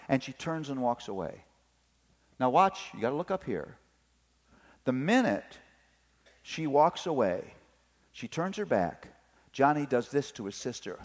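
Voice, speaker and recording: A man's voice: mid-range voice, measured pace, pauses often. A middle-aged man preaching a sermon on parenting, telling family stories and acting out the voices. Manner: animated storytelling, acts out family voices. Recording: long hall reverb.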